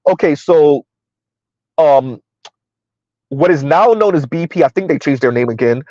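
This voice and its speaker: A middle-aged man hosts a casual live-stream commentary, rambling along with frequent fillers and short laughs. His voice sits a bit high for a man. The recording is dull and lo-fi, with a dry, close sound. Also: measured pace, mellow, no room sound. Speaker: commentary channel host.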